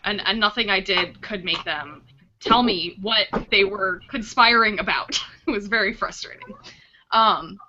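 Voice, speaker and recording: Brief: woman author hosting a video chat, rambling and animated, forceful bright timbre, faint background hiss. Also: mid-range voice, unhurried. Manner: rambling, animated storytelling with many restarts. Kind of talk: casual chat. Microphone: video call. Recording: dull lo-fi video call audio.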